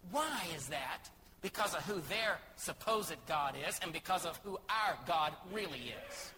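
A man's voice: on the high side, animated, measured pace, sharp tone, slight background noise, rough recording. A man from Texas, a missionary preacher, giving a dramatic sermon and acting out the people in the Bible story. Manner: dramatic, acts out biblical speakers.

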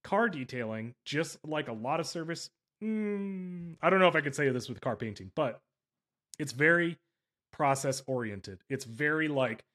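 Hosting a casual podcast interview, a man talks on and on in a fairly high, expressive voice that's a bit bright and moderately paced. He's emphatic and rambling, frequently stopping to correct himself partway through a sentence.

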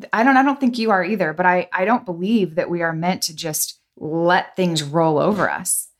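A woman hosting a casual conversation, talking playfully and animatedly and often breaking off her own sentences. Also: on the low side. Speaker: podcast host. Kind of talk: casual chat.

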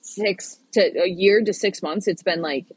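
Animated, husky-voiced woman chatting. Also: mid-range voice, dry recording, poor audio. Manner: animated, fast, laughs often. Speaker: podcast guest, pickleball player. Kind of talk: casual chat.

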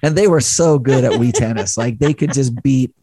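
A man's voice: mid-range voice, normal speed, crowd noise. Upbeat chatty middle-aged man hosting. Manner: upbeat and chatty, jokey asides. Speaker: host. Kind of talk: casual studio chat. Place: studio.

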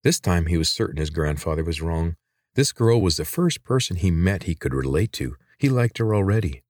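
A man narrating a story aloud in measured storytelling style. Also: deep voice, animated, darkish tone, no echo, studio quality. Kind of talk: scripted audiobook narration.

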